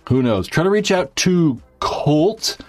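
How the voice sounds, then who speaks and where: A man's voice: fairly high pitch, animated, slow, no room sound, faint music behind. A man hosting his YouTube channel, chatting casually to viewers in a rambling way, with lots of fillers and swearing. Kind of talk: casual livestream chat.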